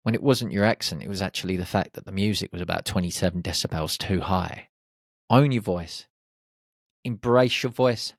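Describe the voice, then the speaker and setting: A man's voice: sits low, moderate pace, vocal fry, no echo, clean studio sound. A man hosting a podcast, talking listeners through confidence in an upbeat, encouraging way with jokey asides. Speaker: podcast host. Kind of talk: motivational podcast monologue.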